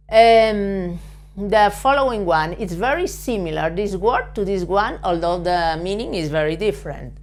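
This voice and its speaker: A woman's voice: mid-range voice, expressive, moderate pace, soft background music. A woman from giving a careful language lesson, patiently repeating words and spelling out letters. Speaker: Spanish teacher. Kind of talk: slow, careful spoken lesson.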